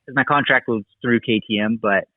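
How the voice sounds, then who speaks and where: A man's voice: mid-range voice, brisk, no room sound. Laid-back man on a tinny call line. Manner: relaxed, rambling, says "dude" and "like". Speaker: guest, former pro motocross racer. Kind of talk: casual storytelling interview. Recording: tinny phone-like line, dry.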